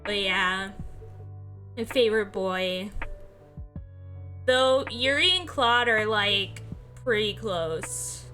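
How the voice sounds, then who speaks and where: A woman's voice: mid-range voice, lively intonation, very slow, long pauses, bright, forceful tone, soft background music. A sleepy woman streamer chatting casually, rambling along and laughing often while she yawns. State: sleepy, yawning. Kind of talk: casual livestream chat.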